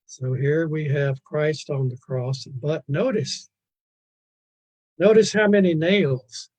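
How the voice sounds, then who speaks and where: Husky-voiced man giving a rambling art talk. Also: on the high side, slow pace, a little mellow, low-quality recording. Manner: digressive, self-deprecating, stumbling restarts. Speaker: art lecturer. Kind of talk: virtual museum art talk.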